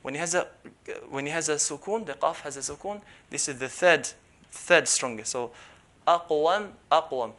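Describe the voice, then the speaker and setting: A man teaching a lesson on letter pronunciation, explaining patiently and repeating syllables loudly to demonstrate. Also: fairly high pitch, moderate pace. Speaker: Quran recitation teacher.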